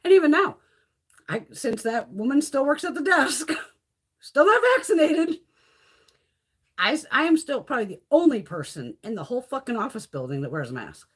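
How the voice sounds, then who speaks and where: A woman's voice: high-pitched, big pitch swings, moderate pace, breathy edge. A woman hosting a casual beauty livestream from her phone, telling stories full of swearing and laughter. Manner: profane, laughing storyteller.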